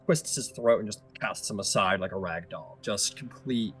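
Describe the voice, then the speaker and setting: A man's voice: fairly low pitch, moderate pace, a bit bright, soft background music. A man narrating a tabletop game as game master, casual and hesitant with many fillers.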